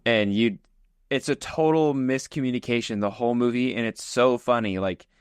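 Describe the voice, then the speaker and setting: A man co-hosting a casual podcast, retelling a story in an animated way. His voice sits at an ordinary pitch for a man. The sound is dry and close, with no room echo. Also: moderate pace, smooth. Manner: animated storyteller, acts out scenes. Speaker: podcast co-host.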